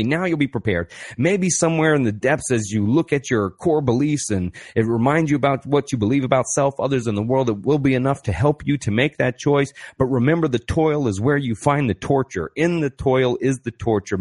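A man's voice: mid-range voice, a little mellow. A man hosting a podcast, talking through self-help advice in a blunt, casual way, swearing freely and asking rhetorical questions. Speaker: podcast host and author.

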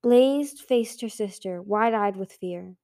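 A woman's voice: mid-range voice, slow pace, mellow. A woman reading a fantasy book aloud for her own amateur audiobook, in an earnest, plain way. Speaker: audiobook reader.

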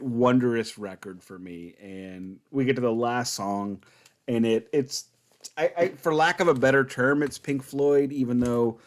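Man chatting enthusiastically with restarts. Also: mid-range voice. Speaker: podcast co-host. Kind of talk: casual chat.

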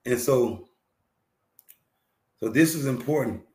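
A male talk show host giving emphatic, preachy relationship advice, repeating phrases and often clearing his throat. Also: mid-range voice, expressive, slow, reverberant.

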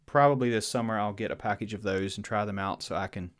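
A man's voice: lowish voice, fairly even intonation, fast. A man from Virginia with a Southern accent, a guest in a casual podcast conversation who talks thoughtfully and often restarts his phrases. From Virginia, USA.

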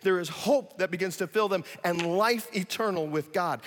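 Man, pastor, animated sermon, slightly high voice, long hall reverb. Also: moderate pace. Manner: animated, acts out scenes with sudden loud excited bursts.

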